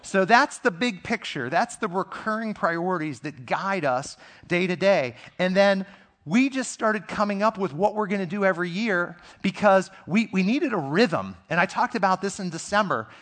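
A man's voice: high voice, animated, moderate pace, a bit bright. A middle-aged man, a pastor, preaching a sermon in a conversational, earnest way and telling personal stories to his congregation.

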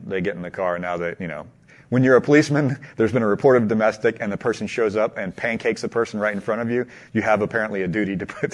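Lowish-voiced man telling a story to a group. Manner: animated, halting, many restarts and laughs. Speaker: teacher leading a group discussion. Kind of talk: casual storytelling to a small group.

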